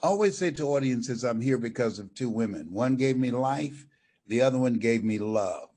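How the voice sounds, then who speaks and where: A man's voice: medium pitch, normal speed. An older man, a motivational speaker, telling stories as an interview guest and acting out the dialogue. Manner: animated storyteller, acts out dialogue. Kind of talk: storytelling interview.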